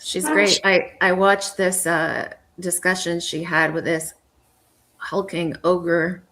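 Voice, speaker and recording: A woman hosts a casual interview in a notably deep voice. She speaks in a measured, thoughtful way and reads out viewer comments. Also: flat delivery, fairly bright tone. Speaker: host.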